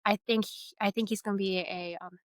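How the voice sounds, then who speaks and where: A woman's voice: medium pitch, steady tone, fairly quick, no echo, studio quality. A woman co-hosting a casual sports talk show, enthusiastic and opinionated. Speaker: sports podcast co-host.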